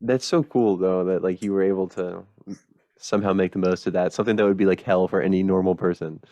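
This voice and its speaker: Low-voiced male podcast host. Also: fairly even intonation, fast talker, dark tone, no echo. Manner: encouraging, laughs along. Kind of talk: casual interview chat.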